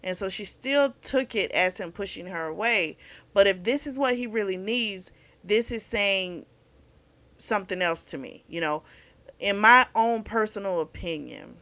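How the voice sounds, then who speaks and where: Woman host, casual book recap, chatty and frank, bright tone. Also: medium pitch, animated, measured pace. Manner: candid and chatty, recounting the plot with frank opinions. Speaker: book review channel host.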